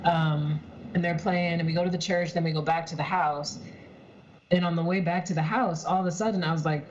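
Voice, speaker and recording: A woman's voice: low-pitched, fairly even intonation, moderate pace, darkish tone, muffled recording, a little hiss or hum. A woman casually telling a personal story on a video call from home, chatty and heartfelt, with lots of "like" and "um". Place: at home in her apartment, heater running.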